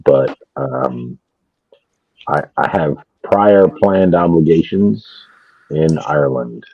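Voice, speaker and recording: A man's voice: a bass voice, slow, vocal fry, lo-fi sound. A man on a headset mic chatting casually in a group call, swearing freely. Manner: laid-back, swears freely. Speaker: podcast participant.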